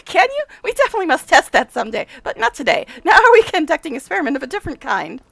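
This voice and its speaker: Woman reader voicing a game's excitable female scientist: high, lively, clinical lectures, dry close sound. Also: very fast, creaky, no echo, exaggerated voice. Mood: eccentric. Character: eccentric, excitable female scholar obsessed with science. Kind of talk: reading game dialogue aloud.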